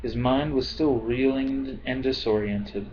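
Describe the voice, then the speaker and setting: A man reading a novel aloud in a slow, calm way, as an amateur audiobook reader. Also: mid-range voice, lo-fi sound, slight background noise. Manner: slow, calm, apologetic about his accents.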